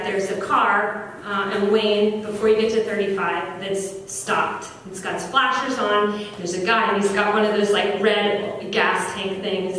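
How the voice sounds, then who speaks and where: A woman founder giving an earnest, animated storytelling speech at an opening event. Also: mid-range voice. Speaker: business founder. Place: large echoey venue at an opening event. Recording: echoey room from far off, faint noise.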